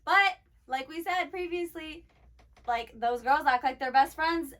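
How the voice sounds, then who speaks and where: Twenties woman ranting on a podcast, cussing, says like a lot, voice a bit high. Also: unhurried, heavy background noise. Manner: blunt, profane storytelling, heavy filler "like". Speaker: podcast co-host. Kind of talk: casual chat.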